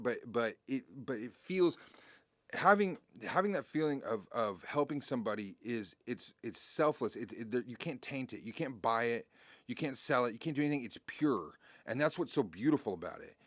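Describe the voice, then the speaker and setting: A man's voice: medium pitch, a bit bright, no echo. A man talking as a guest musician in a casual interview, rambling and heartfelt, with many restarts and swearing.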